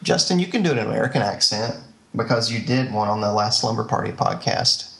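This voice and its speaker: Gravelly guy on a podcast, sounds like a big echoey room. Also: on the low side, lively intonation, a little fast, a bit bright. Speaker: podcast co-host. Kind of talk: casual chat. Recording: roomy echo.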